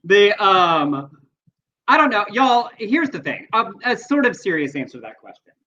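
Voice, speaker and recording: Texan man, fairly high voice, bright tone, chatty livestream co-host, dull lo-fi audio. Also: normal speed. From Texas. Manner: reads viewer comments aloud, chatty and animated. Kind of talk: casual livestream chat.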